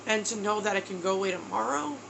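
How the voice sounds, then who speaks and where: Talking quickly with vocal fry in a mid-range voice, a thirtysomething woman from New York shares a raw, emotional video diary entry over a noisy background. She's exhausted, close to crying, and says "bro."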